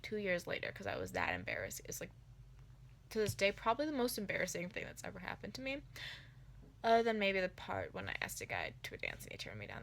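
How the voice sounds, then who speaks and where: Bright-voiced young woman telling a story. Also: lowish voice, gravelly. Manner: rambling, filler-heavy, animated retelling. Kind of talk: casual storytime vlog.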